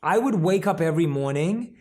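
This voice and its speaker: A man's voice: a little high, expressive, fairly quick, darkish tone. A man hosting an interview, reflectively sharing a personal story and affirming his guest. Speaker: podcast host. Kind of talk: conversational interview.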